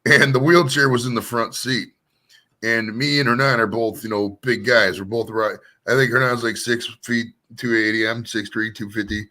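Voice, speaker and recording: An American man hosts a painting stream, chatting casually and rambling through stories while swearing freely. His medium-pitched voice is bright and forceful, with a steady tone and moderate pace. His manner is profane and emphatic.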